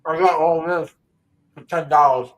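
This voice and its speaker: Livestream host, male, New York accent, high-pitched, brash and foul-mouthed, keeps repeating himself. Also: fairly even intonation, measured pace, far from the mic. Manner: brash, loud and repetitive, swearing often. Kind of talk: casual profane chat.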